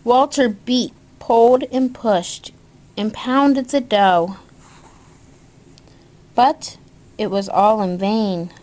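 A woman reading a picture book aloud in a gentle way, pointing out the pictures to her listeners. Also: fairly high pitch, extremely slow, pauses often. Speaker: storyteller.

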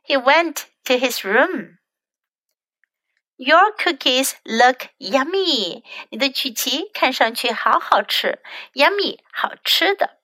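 A woman whose first language is Chinese, teaching children English in a bilingual lesson. She repeats each English phrase slowly after its translation. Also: high-pitched, lively intonation, bright, forceful tone, dry recording.

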